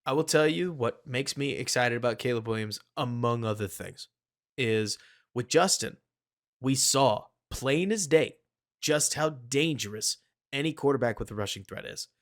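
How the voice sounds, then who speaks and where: Sports podcast co-host, male, mid pitch, analytical, hedges his takes. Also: moderate pace. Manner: hedging, self-aware, addresses co-host by name. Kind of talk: casual sports podcast chat.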